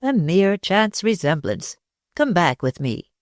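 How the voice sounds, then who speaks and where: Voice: mid-range voice, sing-song, slow pace, dry recording, studio quality, pitched above the performer's own voice. A narrator voicing a stern, domineering middle-aged aunt who speaks sharply and with scorn. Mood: scornful.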